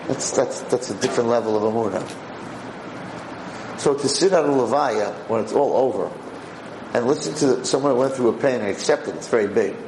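A man giving a Torah class, lively and animated, often acting out the people he quotes. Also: mid-range voice, fairly quick. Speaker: Torah teacher. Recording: roomy room echo, faint background hiss.

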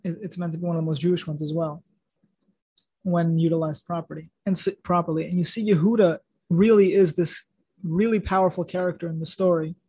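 High-voiced man retelling a Torah story. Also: fairly even intonation, fairly quick, warm tone, husky, no echo. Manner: rambling, many restarts and fillers. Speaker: podcast host.

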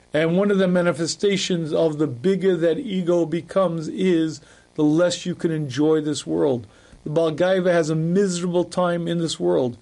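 A rabbi delivers a class, his voice sitting high for a man. He lectures vividly, slipping into small acted scenes, and keeps clearing his throat between phrases. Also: a little mellow. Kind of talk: recorded Torah class.

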